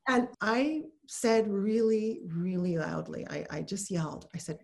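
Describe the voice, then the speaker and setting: Animated middle-aged woman telling a story. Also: medium pitch, a little slow, vocal fry. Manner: animated, acts out her own quoted thoughts. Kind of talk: casual storytelling conversation.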